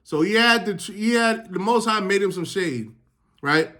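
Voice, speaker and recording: A man's voice: sits high, animated, normal speed, bright, forceful tone. A man reading Bible verses aloud and retelling them in casual, slangy everyday talk. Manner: reads verses, then paraphrases them in slangy street talk. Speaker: Bible teacher. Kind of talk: casual scripture teaching.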